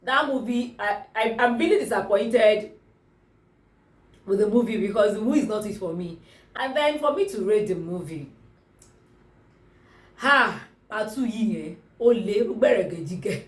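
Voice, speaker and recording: A woman with a Nigerian accent reviewing a movie in a casual vlog, talking in an exclamatory, animated way. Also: mid-range voice, normal speed, long pauses. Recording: roomy, distant mic.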